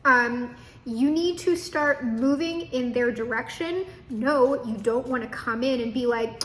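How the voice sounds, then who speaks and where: High-voiced woman giving a casual tarot reading. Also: unhurried. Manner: chatty, swearing, laughing asides. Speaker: tarot reader.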